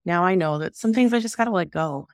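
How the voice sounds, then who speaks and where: A woman's voice: on the low side, quick pace, no room sound, clean studio sound. A woman, an author appearing as a podcast guest, speaking earnestly and reflectively in casual conversation. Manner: earnest, reflective, self-deprecating.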